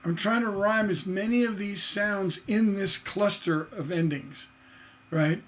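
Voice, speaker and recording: A man's voice: sits high, measured pace, bright, forceful tone. A man teaching songwriting on a livestream, enthusiastic and singing rhythm syllables to show his points. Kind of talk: livestream lesson.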